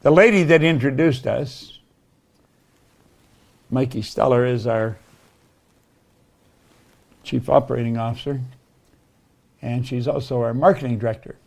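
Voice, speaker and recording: A man's voice: mid-range voice, unhurried, gravelly, pauses often. A man giving a motivational talk, telling stories in an earnest way. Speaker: motivational speaker.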